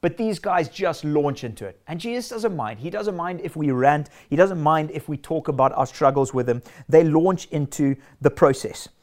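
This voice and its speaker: A man's voice: a little high, lively intonation, normal speed, hardly any pauses, darkish tone. A man preaching a sermon in an earnest, emphatic way, stacking short declarations.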